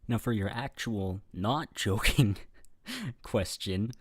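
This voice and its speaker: A young YouTuber hosts a casual vlog answering viewer questions, rambling with fillers and restarts and laughing at himself. His voice sits on the low side, animated and breathy-edged, and he takes it slowly. Recorded with no echo on a webcam setup aimed at the camera.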